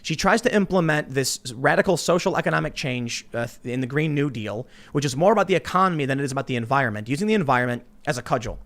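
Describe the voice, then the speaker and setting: A man's voice: medium pitch, lively intonation, fairly bright tone. A man hosting a political talk show, arguing his points emphatically and interrupting his guests. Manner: fast, emphatic, argumentative, interrupts. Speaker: host. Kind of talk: political panel debate.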